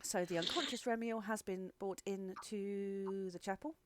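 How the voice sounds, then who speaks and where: A woman's voice: medium pitch, fairly even intonation, measured pace, a little hiss or hum. A woman, narrating and guiding players as game master, with frequent fillers.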